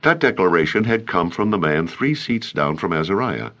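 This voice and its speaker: A man narrating an audiobook in an expressive, dramatic reading. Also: deep voice, normal speed, lo-fi sound. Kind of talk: scripted narration.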